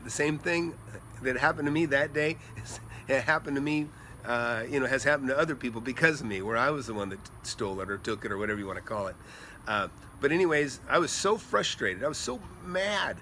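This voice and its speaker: A middle-aged man telling rambling, animated stories as a real estate investor, chatting casually outdoors by a pool at night. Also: medium pitch, fairly quick, slight background noise. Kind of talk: casual storytelling vlog.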